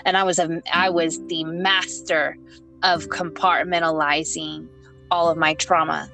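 Bright-voiced mother sharing her story. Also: low voice, flat delivery, unhurried, creaky, soft background music, rough recording. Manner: candid, storytelling, acts out quotes from home. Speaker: podcast guest, a mother. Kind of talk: casual podcast conversation.

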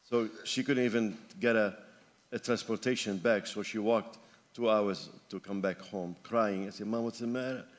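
A man in his seventies from Lebanon, preaching a sermon as pastor, rising fervently and then dropping quiet for personal stories. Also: on the low side, fairly even intonation, moderate pace. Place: church sanctuary. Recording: long hall reverb with faint music.

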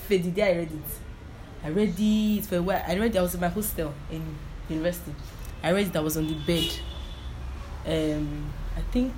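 Background noise accompanies a woman preacher whose voice sits on the lower side. Offering an informal sermon built around her own testimony, she leans on emphatic repetition and keeps checking listeners' understanding.

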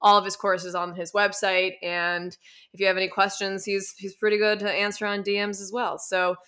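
Young woman podcast host, bright voice, chatty and animated, casual interview tone. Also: mid-range voice, normal speed, smooth. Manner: chatty, animated storytelling with frequent fillers.

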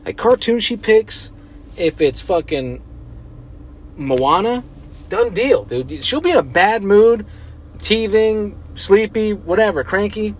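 A man's voice: high-pitched, expressive, slow, a little hiss or hum. A young man, a podcast host, talking casually on his own, rambling and swearing with lots of filler words. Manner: rambling, profane, heavy use of filler words. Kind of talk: casual solo podcast chat.

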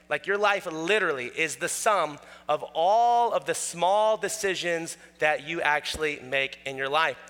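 A man preaching a sermon, telling everyday stories in an animated way and acting out the voices of ordinary people. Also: on the high side. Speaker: pastor. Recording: roomy hall with long reverb.

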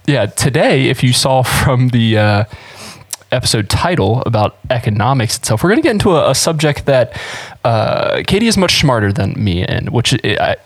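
A man's voice: mid-range voice, big pitch swings, moderate pace, dry recording. Podcast host, male, chatty, rambling, restarts a lot; dry, close sound. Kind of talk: casual conversational podcast.

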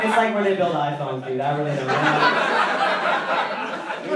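A man performing stand-up comedy, racing through a story with animated delivery. His voice sits at a middle pitch and sounds roomy and far from the mic. Loud noise runs underneath. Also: fairly quick, long pauses.

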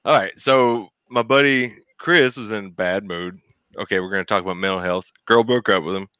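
Guy spinning a camping story, bright voice, dry slightly dull recording. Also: on the low side, brisk, clean tone, no echo. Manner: animated storyteller, acts out friends' voices. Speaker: podcast co-host. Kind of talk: casual storytelling.

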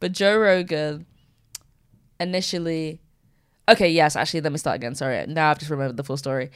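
Young woman, podcast co-host, blunt, swears freely, smooth voice, dry close sound. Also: sits low, a little fast, dry recording. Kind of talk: casual chat.

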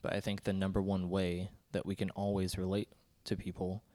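Low-voiced guy on a faith podcast, rambles a bit, hunts for words. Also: completely flat delivery, brisk, warm tone. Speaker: podcast co-host. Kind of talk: casual faith discussion.

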